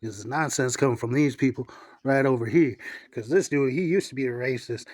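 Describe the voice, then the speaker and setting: A man's voice: mid-range voice, brisk, a little mellow, no room sound. A man joking as he describes a painting. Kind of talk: comic commentary on a painting.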